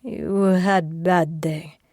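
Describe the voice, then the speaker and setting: A woman voicing a gruff, protective man who speaks in clipped, broken English. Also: fairly low pitch, steady tone, very slow, darkish tone, no room sound, studio quality. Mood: gruff, tender.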